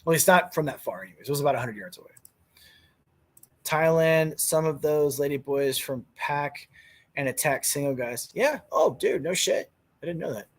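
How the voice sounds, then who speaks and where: A man's voice: on the high side, animated, moderate pace. A man hosting a podcast, ranting bluntly and casually, swearing a lot. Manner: crude, blunt, swears freely. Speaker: podcast host. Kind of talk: casual opinion rant.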